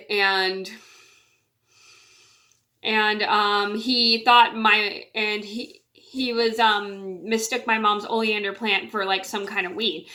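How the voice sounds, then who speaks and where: A woman's voice: on the high side, pushed and bright. A woman casually telling a rambling personal story to camera, with many fillers, restarts and repeated "blah, blah". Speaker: storyteller vlogger.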